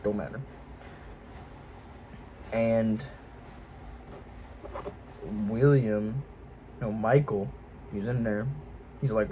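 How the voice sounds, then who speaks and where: A man's voice: lowish voice, measured pace, long pauses, dark tone, a little hiss or hum, poor audio. A man casually retelling a game series' story in a rambling, offhand, irreverent way, full of loose jokey paraphrase. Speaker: video host.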